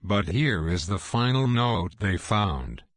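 A man introduces old radio clips as a fill-in host. His voice sits low and is recorded dry and close. He reads plainly and evenly. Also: expressive, takes it slowly, no echo. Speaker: fill-in host of a clip show. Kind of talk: scripted radio narration.

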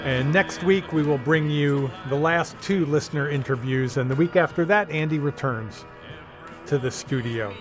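A man's voice: on the high side, moderate pace, faint music behind. A man hosting a radio show, easygoing and dry as he chats and wraps up. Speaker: radio host. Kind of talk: casual chat and host links.

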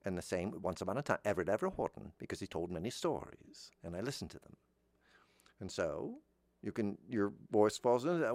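A man's voice: fairly low pitch, big pitch swings, brisk, darkish tone, dry recording. A middle-aged man hosting, talking in a casual monologue that rambles through restarts and asides. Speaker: host.

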